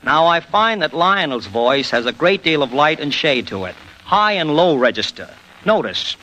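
Radio mimic guest, bright, lively and joking, vintage interview sound. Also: male voice, fairly high pitch, moderate pace, slight background noise, low-quality recording. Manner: jokey, explanatory.

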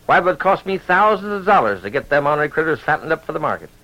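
An excitable old rancher who sputters and shouts when he is riled up, as a man puts him on. His voice sits high and gravelly. It comes through a dull old radio recording. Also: fast, exaggerated voice. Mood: agitated.

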